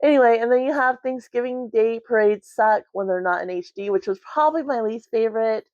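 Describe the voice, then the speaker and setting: A woman's voice: fairly high pitch, brisk, a little mellow, no room sound. Chatty woman book vlogger, dry sound. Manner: chatty, rambling, heavy on "like" and "um". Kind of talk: casual book review chat. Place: at home. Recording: dry, slightly muffled recording.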